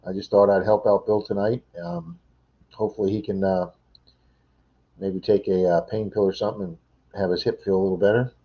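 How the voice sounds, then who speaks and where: Middle-aged man, very deep voice, casual livestream chat, muffled lo-fi sound. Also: brisk. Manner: rambling, reads and answers viewer chat. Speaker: livestream host. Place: home.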